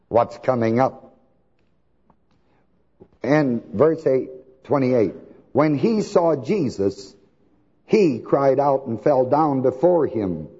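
A man preaching a sermon, asking his listeners to fill in words and swinging between soft talk and shouts. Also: medium pitch, husky. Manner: asks the congregation to fill in words. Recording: long hall reverb, dull lo-fi sound.

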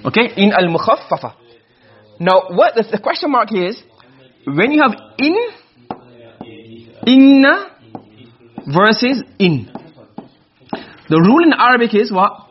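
A man's voice: high voice, very animated, moderate pace, long pauses, husky, lo-fi sound. A man teaching a class in a lecture style, firing questions at the students and repeating himself as he explains. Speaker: Arabic rhetoric teacher.

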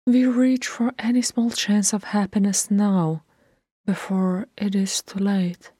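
A woman reader voicing a reserved young singer who speaks quietly and guardedly in a fan-read audiobook. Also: medium pitch, fairly even intonation, takes it slowly, husky, no echo, studio quality, voice pushed up. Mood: wistful.

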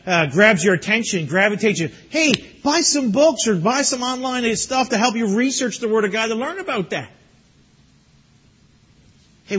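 A man's voice: high-pitched, a bit bright, slightly rough, muffled recording. A man preaching as pastor to graduates, telling a story with chuckles and then urging them earnestly. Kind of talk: sermon to graduates.

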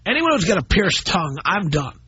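Husky, animated male radio host. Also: sits high, brisk, no echo. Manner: blunt, animated storytelling. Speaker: radio talk show host. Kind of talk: call-in radio monologue. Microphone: studio microphone. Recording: dull broadcast audio.

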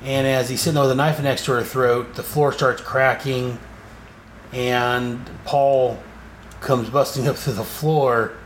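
A man's voice: medium pitch, fairly even intonation, unhurried. Podcast guy rambling through a comic recap, echoey room, bit of hum behind. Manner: rambling, with fillers and restarts. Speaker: podcast host. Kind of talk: casual comic book recap. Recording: echoey room, faint ambience.

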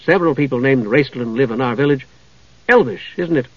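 A man voicing a young woman who bluffs quickly and a little flustered, on a dull lo-fi recording. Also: medium pitch, no room sound, close to an everyday voice. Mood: bluffing. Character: young woman covering her ignorance.

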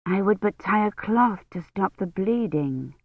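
A reader doing a gentle young mother, soft-spoken. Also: medium pitch, lively intonation, measured pace, breathy edge, no echo. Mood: soothing. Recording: dull, lo-fi dry recording.

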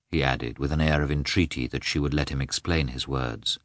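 Deep-voiced man narrating an audiobook. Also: steady tone, a little fast, no room sound, studio quality. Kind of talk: audiobook narration of a classic novel.

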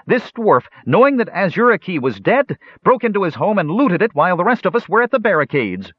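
A man's voice: mid-range voice, big pitch swings, moderate pace, no echo, highs cut off, voice pushed up. A man voicing an angry young male elf who insistently makes an accusation. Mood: indignant accusing. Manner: indignant, insistent, shouting.

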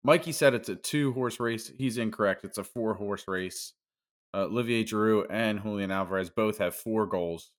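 A man's voice: fairly low pitch, normal speed. A man co-hosting a sports betting podcast, trading brash teasing banter while reading out his picks. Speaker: podcast co-host. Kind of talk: casual sports betting chat.

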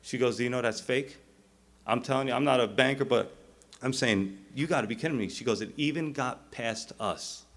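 A man's voice: medium pitch, normal speed. A middle-aged male pastor preaching a sermon, telling stories and acting out the characters' voices. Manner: animated storytelling, acting out voices.

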